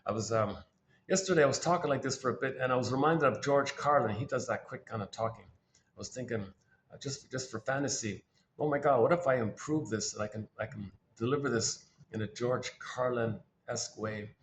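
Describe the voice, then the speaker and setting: A man's voice: medium pitch, fairly quick, slight background noise. A man giving a rambling spoken talk on psychoanalytic ideas, repeating himself, restarting phrases and correcting himself as he thinks aloud.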